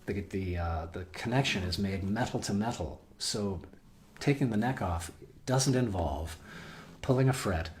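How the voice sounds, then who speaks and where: A man's voice: lowish voice, unhurried, a little hiss or hum. A man hosting a guitar shop's weekly video, talking casually to viewers in a rambling, folksy way with frequent restarts. He is losing his voice and keeps coughing. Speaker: guitar shop host. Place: guitar shop.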